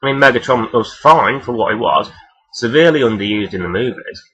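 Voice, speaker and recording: A man talking casually and rambling as he counts down his favourite characters, swearing freely and filling pauses with "um". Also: mid-range voice, animated, pushed and bright, breathy edge, dull audio. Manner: rambling, profane, many fillers. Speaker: vlogger ranking toy robot characters. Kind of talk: casual unscripted countdown talk.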